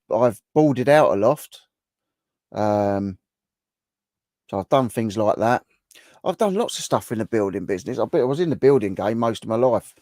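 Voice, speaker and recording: A middle-aged man hosts a casual livestream, reading viewer comments and answering them in a chatty, rambling way with many restarts. His voice is lowish with a darkish tone, and the sound is clean studio quality with no room sound.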